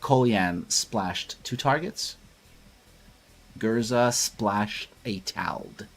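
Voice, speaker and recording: A man's voice: lowish voice, very slow, creaky, soft background music. A man hosting a live stream, calling a competitive match in a casual, joking way. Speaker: host.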